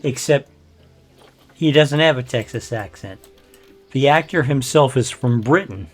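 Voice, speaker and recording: A man's voice: medium pitch, a little slow, soft background music. An older man giving rambling, self-deprecating commentary as a let's play host. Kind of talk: casual gameplay commentary.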